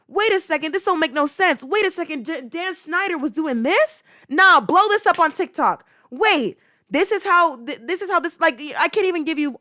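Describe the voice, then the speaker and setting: A high-voiced young woman hosting a casual commentary show, heated and emphatic, repeating herself and dropping slang. The sound is close and dry, with no room around her. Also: fairly bright tone, dry recording. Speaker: podcast host.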